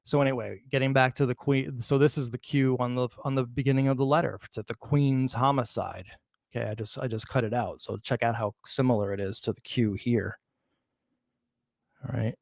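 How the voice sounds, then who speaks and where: A man's voice: medium pitch, steady tone, moderate pace, vocal fry, a little mellow, no room sound, clean studio sound. A man hosting a true crime commentary, reading letter passages aloud and mocking his critics with chuckles and restarts. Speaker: true crime channel host.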